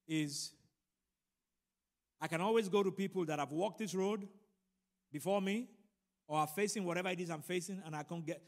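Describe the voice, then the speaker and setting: A middle-aged man preaching a sermon and telling a personal story, animated and building to loud emphatic peaks. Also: high voice. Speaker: pastor. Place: large church room. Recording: long hall reverb.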